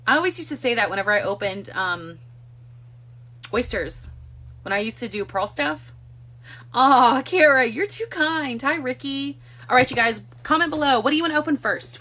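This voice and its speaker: A woman's voice: high voice, lively intonation, normal speed, a bit bright. A woman hosting a casual live stream from home on a phone, chatting and greeting viewers by name one after another. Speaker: livestream host.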